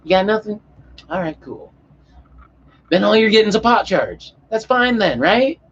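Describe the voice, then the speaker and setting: A man voicing a laid-back stoner police officer who talks in a mellow, falsely friendly way. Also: high-pitched, very animated, normal speed, slightly rough, voice pushed up, heavily acted. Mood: easygoing. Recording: muffled lo-fi audio.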